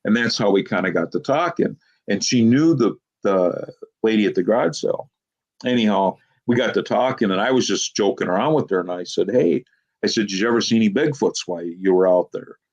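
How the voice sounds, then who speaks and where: A man's voice: on the low side, animated, fairly quick, darkish tone, husky, muffled recording. A man being interviewed as a Bigfoot investigator, telling long rambling anecdotes and quoting people with "she goes.". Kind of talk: casual storytelling interview.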